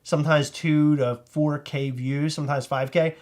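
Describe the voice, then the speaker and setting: A man with a Maryland accent hosting a casual livestream, excitable and rambling, laughing often. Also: on the high side, moderate pace. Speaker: host.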